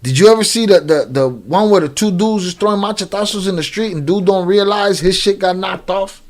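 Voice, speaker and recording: A man giving casual, slangy reaction commentary on a video, joking and laughing as he talks. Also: sits high. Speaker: reaction streamer.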